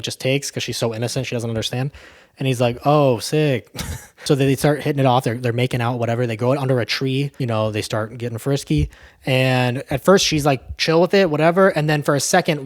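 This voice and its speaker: A man casually retelling a movie plot, loose and profane, full of fillers. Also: medium pitch. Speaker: movie recap host.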